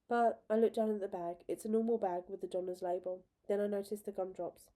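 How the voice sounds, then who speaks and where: A woman narrates a story aloud in a heartfelt, expressive way. Her voice sits at a middle pitch, with a dark and mellow tone. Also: brisk, few pauses. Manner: expressive, emotional reading. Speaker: reader.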